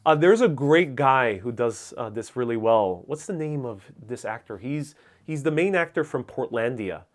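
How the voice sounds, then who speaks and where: A man's voice: medium pitch, lively intonation, normal speed. A young man from the United States hosts a live-stream Q&A on a lapel mic, reading viewer comments aloud and answering them casually. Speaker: host. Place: out on city streets during a live stream. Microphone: wireless lapel mic.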